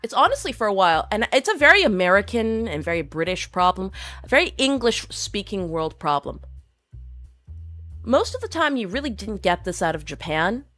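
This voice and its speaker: Young woman streamer with a really bright voice rambling opinions, little music in the back. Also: mid-range voice, sing-song, normal speed, no room sound. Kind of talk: casual live-stream chat.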